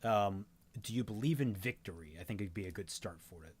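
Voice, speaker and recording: A man with a fairly low voice chatting on a livestream. He thinks aloud and floats ideas tentatively, in a loose, casual way. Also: fairly quick, slight background noise. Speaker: streamer host.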